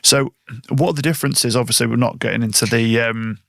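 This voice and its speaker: A man hosting a podcast interview, talking in a reflective, anecdotal way with long, drawn-out phrasing. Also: medium pitch, fairly even intonation, creaky, fairly bright tone, no room sound, clean studio sound. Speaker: podcast host. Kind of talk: conversational interview.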